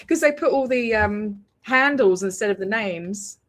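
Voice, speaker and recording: A woman with an Australian accent, hosting a casual chat and telling stories animatedly, with quick restarts and some swearing. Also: medium pitch, expressive. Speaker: host.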